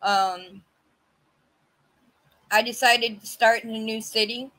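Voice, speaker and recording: A woman testifying about her own past on a virtual panel, speaking haltingly with many fillers and restarts over a video call. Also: a little high, steady tone, pushed and bright, low-quality recording. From California. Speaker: community advocate sharing her story.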